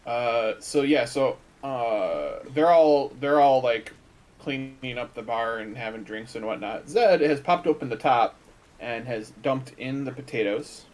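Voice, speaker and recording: A man playing a tabletop game, describing his character's actions haltingly with many fillers. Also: mid-range voice, a little mellow. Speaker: player. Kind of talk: casual tabletop play.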